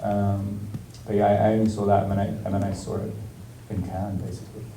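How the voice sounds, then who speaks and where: An English actor in casual stage talk at a film Q&A, hesitant, with many ums and frequent laughs. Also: male voice, on the low side, completely flat delivery, a little fast, dark tone, distant mic. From England. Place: large screening hall with audience. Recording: echoey hall, mic from afar, noise.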